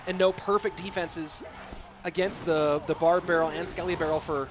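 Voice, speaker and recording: A man's voice: on the high side, steady tone, moderate pace. A man with an American accent casting a live video game tournament, chatting with viewers between plays. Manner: chatty, reads and answers viewer chat. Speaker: esports caster. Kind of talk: live esports commentary with chat banter.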